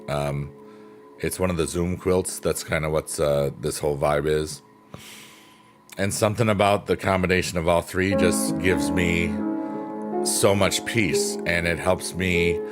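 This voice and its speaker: Man, very deep voice, rambling casual stream chat, upbeat, piano music clearly behind. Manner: rambling, upbeat, playful swearing.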